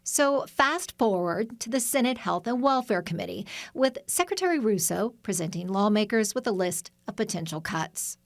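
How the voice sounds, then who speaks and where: A woman with an American accent narrating a news report in a measured, clear way. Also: medium pitch, big pitch swings, no echo.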